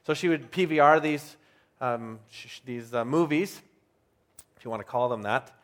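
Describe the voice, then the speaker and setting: A man preaching a sermon as pastor, telling stories in a conversational way and slowing down to stress key words. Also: mid-range voice. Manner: conversational with filler restarts.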